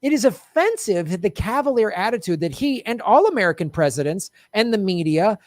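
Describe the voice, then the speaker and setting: An indignant man hosting a political talk show, his pitch swinging wide as he gets fired up. The sound is dry and close, with no room around it. He slips into mocking voices when he quotes people. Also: very animated, a little fast, no echo. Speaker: podcast host. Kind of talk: casual political chat.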